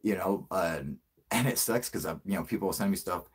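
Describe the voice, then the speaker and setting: A male channel host in casual livestream chat, a profane, excitable storyteller who laughs a lot. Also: low voice, brisk, slightly rough.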